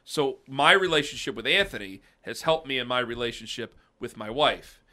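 A man in his thirties with a booming voice, chatting casually on a podcast and rambling through self-deprecating stories with many restarts. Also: expressive, normal speed, sharp tone. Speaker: podcast co-host. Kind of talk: casual chat.

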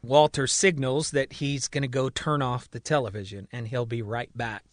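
A man narrating a fiction story and voicing its characters in an animated way. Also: moderate pace, dry recording, clean studio sound. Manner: animated, voices characters with raised pitch. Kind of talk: storytelling narration with voiced dialogue.

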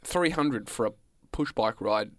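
A man's voice: lowish voice, animated, a little slow, no room sound, clean studio sound. A man co-hosting a radio show, telling a rambling story in casual chat. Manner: rambling storyteller, acts out quoted voices. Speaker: co-host.

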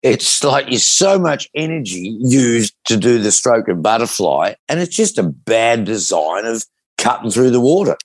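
A man's voice: medium pitch, sing-song, a little slow. A man co-hosting a radio show with dry, teasing banter. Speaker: co-host. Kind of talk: casual radio chat.

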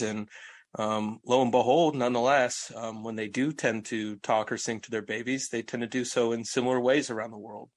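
A man speaking as a researcher guest in a news interview, explaining his study with frequent ums and uhs. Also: mid-range voice. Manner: explanatory, hesitant with fillers.

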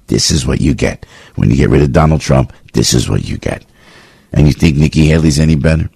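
Fired-up low-voiced male radio host. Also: animated, normal speed, vocal fry, a little mellow, slightly rough, dry recording, studio quality. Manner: fired-up, ranting, repeats phrases. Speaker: radio talk show host. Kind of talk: political commentary monologue.

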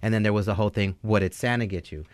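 A man in casual chat, blunt and quick to swear. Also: on the low side, no room sound. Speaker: podcast co-host.

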